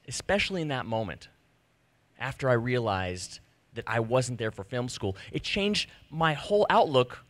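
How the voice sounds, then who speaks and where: A man in his thirties telling a personal story to a live audience, animated and self-deprecating, acting out the conversations he recounts. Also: medium pitch, no echo. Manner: animated, self-deprecating, acts out quoted exchanges. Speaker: speaker giving a personal talk. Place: stage before an audience.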